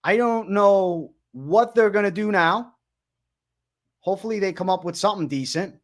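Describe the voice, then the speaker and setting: A young man hosting a livestream, talking excitedly and repeating himself, swearing often and calling his viewers bro. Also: sits high, moderate pace. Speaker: livestream host. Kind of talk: livestream commentary.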